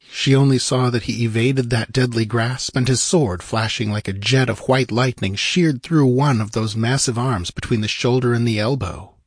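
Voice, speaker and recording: A man narrating an audiobook in a measured, grave manner with a husky voice. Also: medium pitch, no room sound, studio quality.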